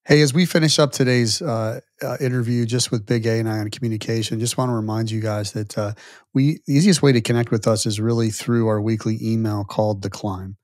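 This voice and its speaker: A man's voice: fairly low pitch, steady tone, fairly quick, darkish tone, dry recording, clean studio sound. A man in his fifties co-hosting a podcast, speaking in an emphatic, motivational way with hesitant restarts. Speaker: podcast co-host. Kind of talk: casual podcast conversation.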